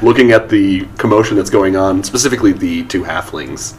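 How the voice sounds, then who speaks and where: A man playing in a tabletop game, calmly describing his character's actions and asking questions. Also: low voice, a little fast. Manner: calm, matter-of-fact questions and actions. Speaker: player.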